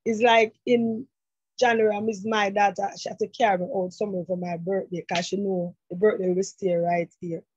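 A woman's voice: mid-range voice, flat delivery, a little fast, breathy edge, dry recording, highs cut off. A middle-aged woman exhorting a congregation, fervent and fond of repeating "praise the Lord" and "brethren.". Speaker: church member giving a testimony. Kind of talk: church exhortation. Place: church sanctuary.

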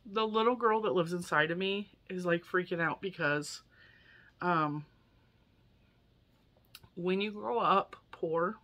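A woman's voice: lowish voice, takes it slowly, long pauses, fairly bright tone. A woman in her forties from the US, chatting casually and emotionally while unboxing yarn gifts for her viewers. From United States. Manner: chatty, emotional, laughs often. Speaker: crochet YouTuber.

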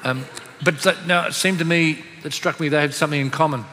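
A man's voice: on the high side, fairly quick, pushed and bright. An Australian man moderating a panel discussion, easygoing and fond of telling anecdotes. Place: conference hall. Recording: reverberant hall with faint room noise.

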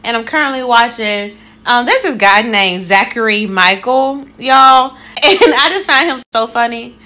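A young woman talking casually to her viewers in a vlog, chatty and quick to laugh, calling them y'all. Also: fairly high pitch, animated, pushed and bright. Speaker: vlogger.

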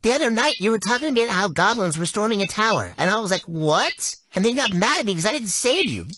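A man jokes about the ways his partner annoys him. He quotes her in exaggerated outbursts and keeps the tone playful. It sounds like relaxed banter between a couple. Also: sits high, fast. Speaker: half of a couple, content creator.

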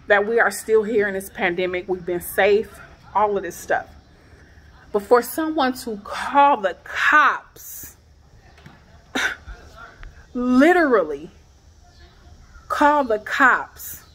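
An upset woman in her thirties recounts a story straight to her viewers. She talks fast and with feeling, her pitch sitting mid-range, and she builds to emotional, near-shouted questions. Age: 30s. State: shaken. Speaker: vlogger. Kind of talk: emotional personal vlog. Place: her home garage.

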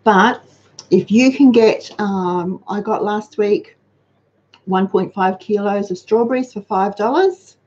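A woman's voice: medium pitch, slow, a little mellow, dull audio. A middle-aged woman hosting a casual live chat, practical and talkative as she answers viewers. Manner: chatty, practical, reads out viewer comments. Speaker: host of a money-saving livestream.

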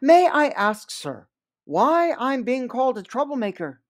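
A man's voice: big pitch swings, a little slow, heavily acted. A man reading aloud, voicing a bold young woman mill worker in a raised, strained voice. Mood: pleading. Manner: pleading then indignant, high and strained.

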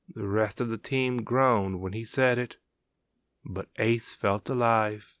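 A man narrating a dramatic story in a measured, unhurried way. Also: fairly low pitch, steady tone, a bit bright, dry recording, clean studio sound. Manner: slow and measured, gravelly.

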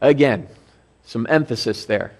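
A man's voice: mid-range voice, unhurried, darkish tone. Man preaching a conversational sermon. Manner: conversational explaining, reads scripture aloud with emphasis. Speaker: pastor. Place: church.

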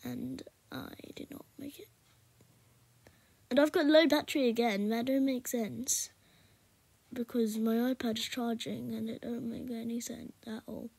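A British woman chatting to viewers over her gameplay, often in a hushed half-whisper. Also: fairly high pitch, fairly even intonation, measured pace, creaky, breathy edge, no room sound. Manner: rambling and chatty, talking to viewers. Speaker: gaming YouTuber. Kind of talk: casual gameplay commentary.

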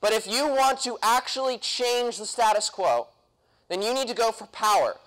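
A man's voice: very high-pitched, animated, moderate pace, fairly bright tone, low-quality recording. A young man speaking at a political convention, punchy and quizzing the audience with questions. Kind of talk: political talk to a live audience. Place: convention hall.

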